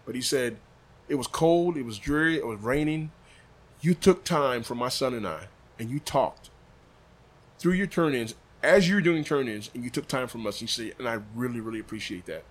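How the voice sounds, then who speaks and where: A man's voice: mid-range voice, lively intonation, moderate pace. A man from Des Moines, a barbecue pitmaster, telling a story in a casual chat and acting out the quoted dialogue. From Des Moines, Iowa. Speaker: podcast guest, barbecue pitmaster. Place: room above a butcher shop.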